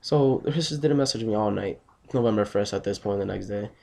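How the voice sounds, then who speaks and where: A man's voice: on the low side, fairly quick, creaky, dark tone. A young man just out of bed, telling a story on his vlog in a blunt, rambling, heavily profane way. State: just woken up, tired. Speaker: vlogger.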